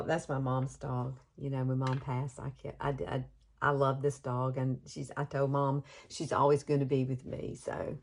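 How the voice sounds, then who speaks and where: A woman, chatting her way through a casual makeup tutorial with homey, rambling asides. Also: sits low. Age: 50s. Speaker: beauty vlogger.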